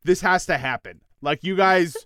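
A man's voice: normal speed, no echo, studio quality. A man co-hosting a podcast, chatting in a playful, jokey way. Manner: playful, jokey, lively pitch swings. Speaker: podcast co-host. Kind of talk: casual comedic chat.

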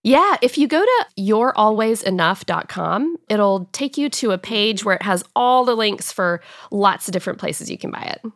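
A woman's voice: mid-range voice, expressive, moderate pace, a bit bright, no room sound, clean studio sound. A woman in her thirties, a guest talking earnestly and emotionally in a casual interview, at times choked up. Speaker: guest author.

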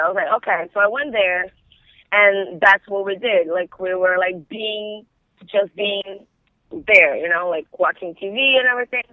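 A man with a notably high voice, calling in and telling his story in loose, meandering phrases studded with "like". His voice arrives through a thin, phone-like line, dry and close with no room around it. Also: normal speed, no echo. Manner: rambling, heavy use of "like". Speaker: caller. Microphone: telephone.

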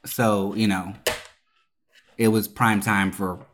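A woman casually telling a wild story, profane and animated, with frequent laughter and swearing. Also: extremely low pitch, slow, background noise.

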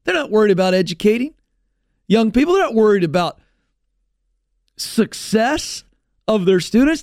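Male talk-show host, high animated voice, sarcastic rant, dry studio mic. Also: normal speed, long pauses, dry recording. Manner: sarcastic and ranting, big swings in pitch. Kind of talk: sarcastic opinion monologue. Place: radio studio.

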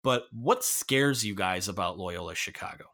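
A man's voice: lowish voice, expressive, normal speed, fairly bright tone. A man hosting a casual sports talk show, giving earnest, emphatic opinions. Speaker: podcast host.

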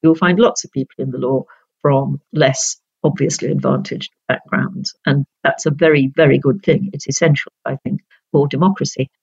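Older woman with a gravelly, husky voice. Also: rumbling low, steady tone, darkish tone, no echo, muffled recording. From North Yorkshire, England. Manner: measured, precise, laughs often. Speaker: guest, retired senior judge. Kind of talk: reflective interview storytelling.

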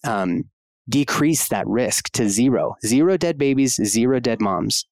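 A man's voice: mid-range voice, lively intonation, unhurried, a little mellow, no echo. A man speaking as a guest on a conversational podcast, talking passionately and frankly, casual with fillers and the odd swear word. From United States. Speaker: podcast guest, obstetrician-gynecologist.

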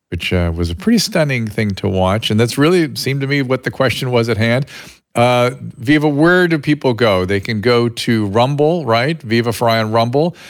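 A man's voice: on the low side, no echo, clean studio sound. A man hosting an interview, who asks pointed, incredulous, rhetorical questions in a conversational tone. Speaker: podcast host.

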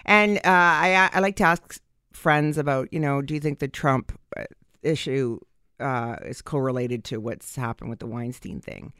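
A woman's voice: extremely low pitch, normal speed, a bit bright, smooth, no echo, clean studio sound. A woman hosting a radio comedy show in casual, joking chat. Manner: chatty, jokey, thanks sponsors. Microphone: studio microphone.

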